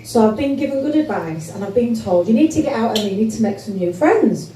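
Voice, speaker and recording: Female stand-up, chatty, self-deprecating, mellow tone, echoey club heard from a distant phone. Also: fairly high pitch, animated, brisk, slight background noise. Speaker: stand-up comedian. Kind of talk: stand-up comedy set. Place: comedy club. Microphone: phone standing on a table in the audience. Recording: echoey club recorded from afar.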